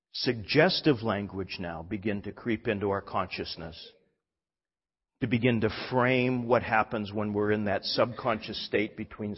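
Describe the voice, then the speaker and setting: Husky-voiced man preaching in an echoing hall. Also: on the low side. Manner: emphatic, with frequent restarts. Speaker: pastor. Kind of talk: sermon. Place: church hall. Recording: dull recording in a reverberant hall.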